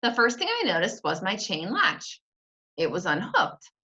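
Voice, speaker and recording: Casting: woman reader, bright and animated, reading a chapter book to kids, lo-fi home mic. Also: medium pitch, moderate pace. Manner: expressive, chatty asides. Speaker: teacher reading aloud. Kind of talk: reading a children's novel aloud.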